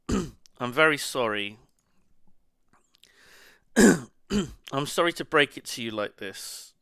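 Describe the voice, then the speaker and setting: A man's voice: medium pitch, very animated, extremely slow, vocal fry, pauses often, fairly bright tone, dry recording, studio quality. A man chatting casually on a live stream, rambling and muttering to himself as he browses.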